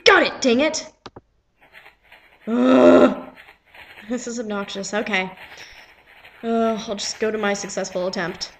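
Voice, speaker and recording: A woman's voice: fairly high pitch, slow, vocal fry, long pauses, a little hiss or hum, poor audio. Exasperated woman playing a video game. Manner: exasperated, chattering, chanting along with the action. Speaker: gaming video host. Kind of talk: casual let's-play commentary. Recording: game music playing behind.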